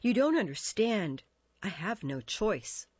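A woman's voice: mid-range voice, very animated, slow pace, a little mellow, slightly rough, dry recording, pitched above the performer's own voice, full character voice. An earnest young man, eager in love and grave when pressed, as a woman reading a story puts him on. He speaks sincerely, a little above the narrating voice. Dry, dull recording. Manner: earnest, pleading.

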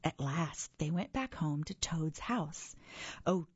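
A woman reading a children's book aloud with a husky voice, in a measured, expressive storytelling manner. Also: sits low, dry recording, lo-fi sound. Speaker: storybook reader.

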